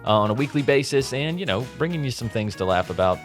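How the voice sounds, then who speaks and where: A man co-hosting a casual podcast, bantering, laughing along and reacting quickly to his co-host. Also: mid-range voice, lively intonation, faint music behind. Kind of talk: casual chat.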